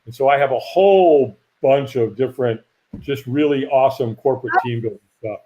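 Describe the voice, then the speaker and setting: A middle-aged man, a firewalk instructor, telling a lively story in a casual interview and acting out the voices of people he quotes. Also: mid-range voice, fairly quick. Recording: dull lo-fi audio.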